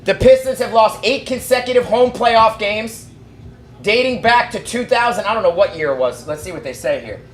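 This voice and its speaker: A man calling live basketball play-by-play from his own setup, rattling off quick calls and shouting at the big plays. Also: high voice, lively intonation, roomy sound. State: out of breath. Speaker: fan play-by-play commentator.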